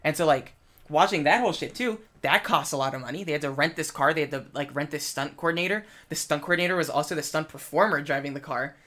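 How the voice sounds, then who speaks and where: Man, slightly high voice, rambling, filler-heavy, swearing, casual chat. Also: fast, pushed and bright. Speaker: film crew member.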